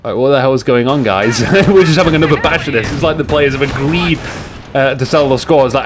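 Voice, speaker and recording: A man's voice: mid-range voice, brisk, over music. British man joking through game commentary. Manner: joking, rambling, sarcastic asides. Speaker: game caster. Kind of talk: casual game commentary over a replay. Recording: game gunfire and explosions in the mix.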